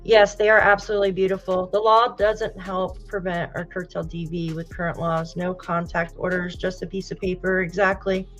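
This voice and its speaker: Her voice sits on the low side, delivered flatly at a moderate pace with few pauses, as she hosts a casual true crime livestream, greeting the chat and reading posts to her viewers. Frequent sighs mark her speech, and she's clearly fighting back tears. Dull lo-fi audio carries faint background music.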